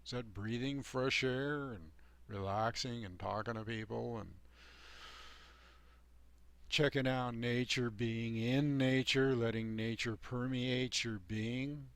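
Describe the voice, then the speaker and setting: Gravelly-voiced man preaching a folksy rant. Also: medium pitch, steady tone, takes it slowly, a bit bright, no room sound. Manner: emphatic and folksy, heavy on "you know" and "man"; mocking, sarcastic asides. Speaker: channel host giving life advice. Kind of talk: rambling preachy monologue to camera.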